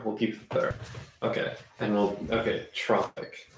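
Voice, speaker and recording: A man playing an improv word game, talking in a halting, musing way. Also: fairly low pitch, flat delivery, echoey room, slight background noise. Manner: halting, musing, full of fillers.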